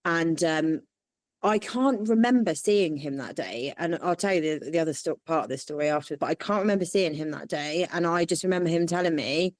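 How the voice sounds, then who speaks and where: A woman's voice: low-pitched, moderate pace, no room sound. A young woman, telling her story as an interview guest and acting out the voices of the people in it. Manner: animated, quotes people in lively voices. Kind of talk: candid storytelling.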